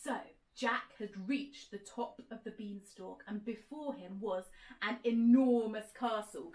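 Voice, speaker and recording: Slow, encouraging woman storyteller. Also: mid-range voice, echoey room, low-quality recording. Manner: gentle, encouraging, directs listeners to move along. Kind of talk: interactive children's sensory story.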